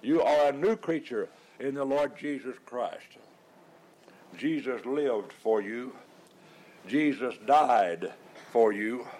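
A man preaching a sermon, leaning on repeated refrains, with halting restarts and drawn-out stresses on key words. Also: mid-range voice, darkish tone, poor audio.

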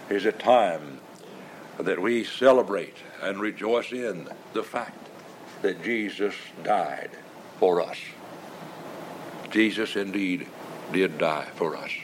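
A man preaching a sermon, leaning on repeated refrains, with halting restarts and drawn-out stresses on key words. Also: lowish voice, a little hiss or hum, poor audio.

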